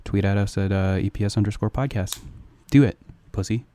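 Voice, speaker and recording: A young man co-hosting a podcast in casual chat, rambling and crude, with sudden loud jumps. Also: lowish voice, a little fast. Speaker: podcast co-host.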